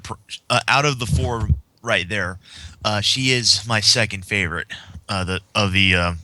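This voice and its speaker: A sleepy man hosting a casual podcast, his voice bright and clear. He talks hesitantly, stumbling and restarting his sentences. The sound is dry and close. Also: on the low side, no room sound. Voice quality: hesitant, lots of restarts and fillers. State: sleepy, yawning. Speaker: podcast host.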